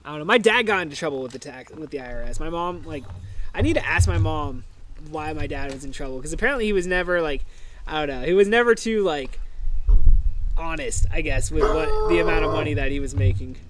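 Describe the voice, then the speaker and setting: A man's voice: fairly high pitch, fairly quick, noisy background. A man in his thirties hosting a casual podcast chat, talking profanely and laughing often. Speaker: podcast host.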